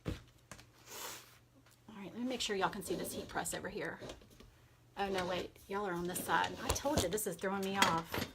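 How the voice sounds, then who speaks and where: A woman's voice: mid-range voice, brisk, background noise. Chatty Southern woman crafting on a live stream. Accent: Southern American. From Southern United States. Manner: chatty, talks to viewers while working, many fillers. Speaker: craft vlogger.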